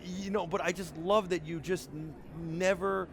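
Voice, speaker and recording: A man with a fairly high voice asks questions with eager admiration. Faint noise sits behind him on a convention floor. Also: steady tone, normal speed, a bit bright. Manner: enthusiastic, admiring, gives many short agreements. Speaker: interviewer, show host. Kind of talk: casual interview. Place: toy fair convention floor.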